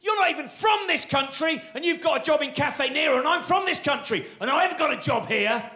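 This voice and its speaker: A man putting on an enraged shouting café ranter. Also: very high-pitched, animated, fairly quick, reverberant, pitched above the performer's own voice, full character voice. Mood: furious. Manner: shouting abuse, furious. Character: aggressive ranting man in a café.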